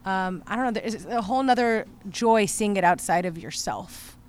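A woman's voice: mid-range voice, lively intonation, moderate pace. Thoughtful woman musician, faint background noise. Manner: thoughtful, hesitant, many fillers. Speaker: musician guest. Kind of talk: conversational interview.

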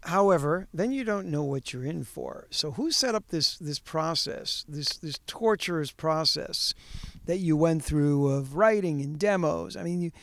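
A man's voice: a little high, expressive, unhurried, no room sound. A man interviewing a band, asking probing follow-up questions.

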